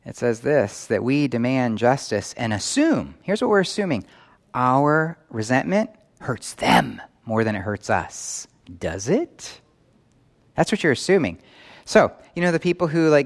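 A pastor at a church in New York preaches a sermon, firing question after question at his listeners. His voice is medium-pitched and sing-song, moving at a moderate pace.

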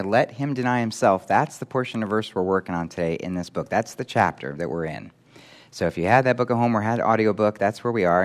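A man preaching a sermon, emphatic and animated, acting out quoted voices as he teaches. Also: medium pitch.

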